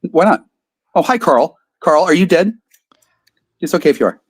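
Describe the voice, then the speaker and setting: A man's voice: a little high, animated, moderate pace, breathy edge, no room sound. A man on a video call ranting angrily and combatively, swearing heavily as he fires back at questions. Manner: angry, combative, profane. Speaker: guest on a live call-in stream. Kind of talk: profane ranting.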